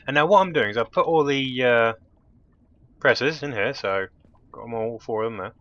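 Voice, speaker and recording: Bright-voiced man thinking aloud over a game. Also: mid-range voice, normal speed, muffled recording. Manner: thinks aloud, muttering and self-correcting. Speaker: let's play host. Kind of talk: casual gameplay commentary.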